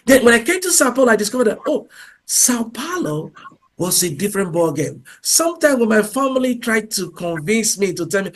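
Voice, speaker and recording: A man's voice: sits high, very animated, fairly quick. A man speaking as a guest in an interview, talking emphatically and peppering his answers with "you know" and "okay". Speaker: guest speaker, English teacher.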